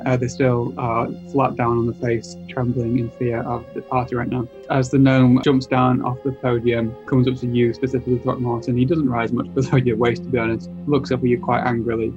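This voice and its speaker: A man running a tabletop game, narrating in a loose, chatty way. His voice sits at a middle pitch and the sound is dull and lo-fi, with faint music underneath. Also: flat delivery, fairly quick, hardly any pauses. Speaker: game master.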